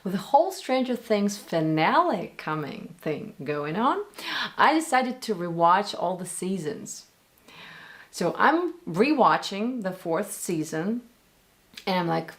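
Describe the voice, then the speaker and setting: A woman from Russia, a native speaker of Russian, talking in English with a Russian accent as she casually breaks down actors' accents for her viewers in an animated, direct way. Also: medium pitch, slow. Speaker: language and accent teacher. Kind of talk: casual commentary on film accents.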